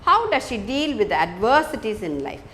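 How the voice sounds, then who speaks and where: Female teacher, fairly high and lively voice, emphatic and repetitive lesson delivery. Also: moderate pace, slight background noise. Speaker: English teacher. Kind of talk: classroom lesson explaining a poem.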